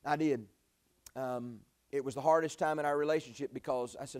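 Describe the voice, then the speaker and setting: Fast-talking preacher man. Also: mid-range voice, fairly even intonation. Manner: folksy storytelling, swinging from loud exclamations to quiet asides. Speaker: pastor. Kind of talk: sermon.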